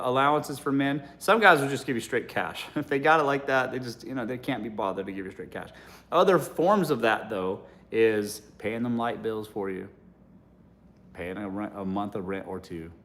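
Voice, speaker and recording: A man's voice: mid-range voice, a bit bright. A man doing a loose comic monologue for a livestream audience, laughing often as he talks. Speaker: comedian.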